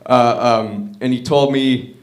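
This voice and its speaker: A man's voice: medium pitch, fairly even intonation, slow pace. A man doing a stand-up set at an open mic, delivering one-liners with lots of hesitation and repeated words. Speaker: stand-up comedian.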